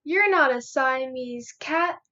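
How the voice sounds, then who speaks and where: A young woman voicing a bouncy, excitable boy kitten with squealing, playful delivery and mock Spanish flourishes. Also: high-pitched, slow pace, full character voice. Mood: excited. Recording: muffled lo-fi recording.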